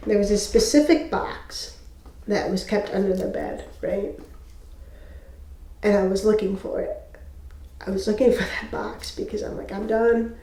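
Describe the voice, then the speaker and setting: A young woman talks to camera in a personal faith testimony, emotional and halting, often pausing and restarting. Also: medium pitch, fairly even intonation, creaky, dark tone. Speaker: faith video host. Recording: echoey room.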